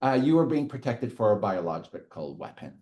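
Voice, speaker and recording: A middle-aged man lectures a university class, his pitch swinging widely as he explains. He chuckles at his own asides and keeps checking in with the room. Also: brisk. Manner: lively, chuckles often, checks in with "okay".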